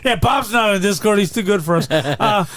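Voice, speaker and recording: A man's voice: high-pitched, expressive, moderate pace, noisy background. A man co-hosting a casual podcast, reacting briefly and plugging the Discord. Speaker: podcast co-host. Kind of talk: casual chat. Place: podcast studio.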